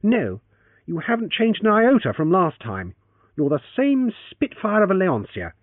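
A man's voice: high-pitched, huge pitch swings, measured pace, no echo, pitched above the performer's own voice, exaggerated voice. A man reading an audiobook and voicing a teasing, confident young man, over a tinny line. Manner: teasing, playful. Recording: tinny phone-like, dry.

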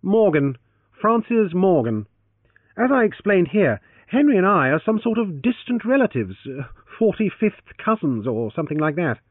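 A man's voice: high voice, big pitch swings, normal speed, no echo, pitched above the performer's own voice. Casting: man playing a playful, cocky young hero, raised voice, storybook reading, phone-like audio. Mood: earnest. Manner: teasing, playful. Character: teasing confident young man, grave when serious. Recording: tinny phone-like, dry.

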